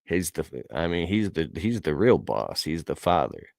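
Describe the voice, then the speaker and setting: A man's voice: extremely low pitch, sing-song, moderate pace, gravelly, darkish tone, dry recording. A man telling a personal story in a casual, heartfelt way, earnest and emotional, with casual slang.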